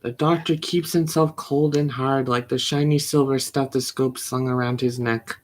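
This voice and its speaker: A poet giving a slow, measured, often hushed reading of grief poems. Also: medium pitch, fairly even intonation. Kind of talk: poetry reading.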